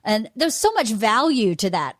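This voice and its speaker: A woman's voice: a little high, moderate pace, no room sound. A middle-aged woman from Georgia with a Southern accent, telling stories in a casual interview and acting out quoted voices. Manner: animated storyteller, acts out quoted voices. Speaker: guest. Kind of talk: casual conversation.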